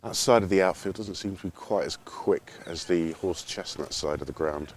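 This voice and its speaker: A man's voice: low voice, moderate pace, a little hiss or hum. A man giving chatty, jokey live commentary on a club cricket match. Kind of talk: casual live stream commentary.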